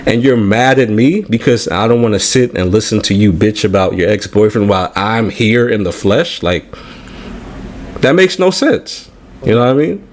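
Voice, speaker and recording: A man telling a personal story in casual chat, animated and profane, often checking in with "right?". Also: on the low side, moderate pace. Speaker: podcast panelist.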